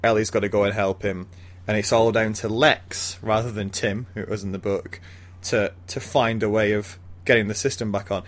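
A man's voice: lowish voice, level tone, moderate pace, slight background noise. A man casually recapping a film plot for a podcast, rambling with ums and little laughs. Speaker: podcast co-host.

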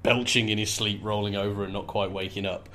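A man co-hosting a podcast, jokey and animated, often slipping into silly voices. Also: on the low side, fairly quick. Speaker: podcast co-host. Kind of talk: casual chat with comic commentary.

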